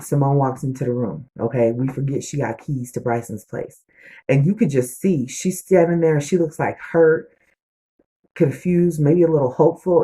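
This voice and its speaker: A woman giving a casual, animated recap of a TV episode, storytelling with slang and asides to her viewers. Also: extremely low pitch, breathy edge. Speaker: TV show reviewer.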